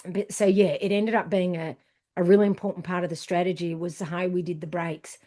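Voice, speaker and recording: Blunt, animated woman coach chatting. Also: fairly low pitch, a little fast. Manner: animated storyteller who acts out what people said; blunt and emphatic. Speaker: endurance coach. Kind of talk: casual podcast chat.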